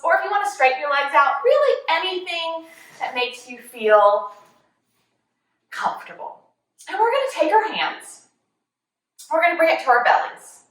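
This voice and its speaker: A young woman guides children through yoga with a cheerful, encouraging, sing-song delivery. Her high voice leaps all over as she talks. She is heard from some distance in a very echoey room. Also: fairly bright tone. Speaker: kids yoga teacher. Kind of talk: children's yoga class instruction.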